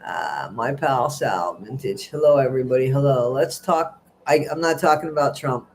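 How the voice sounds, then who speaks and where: A man's voice: medium pitch, normal speed, a little hiss or hum. A middle-aged man hosts a casual livestream, reading out viewer comments and gossiping in a rambling, chatty way. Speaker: livestream host.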